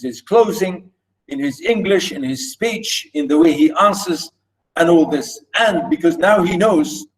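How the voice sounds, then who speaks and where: Man, literature teacher, high voice, repetitive emphatic explaining. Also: darkish tone, rough recording. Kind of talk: recorded literature lecture.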